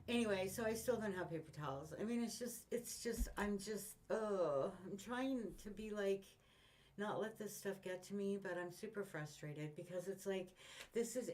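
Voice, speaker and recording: A woman's voice: medium pitch, a little mellow, slight background noise. A woman in her fifties venting in a rambling, frustrated way, swearing often, with her mic set far away. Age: 50s. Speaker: vlogger. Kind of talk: casual venting monologue.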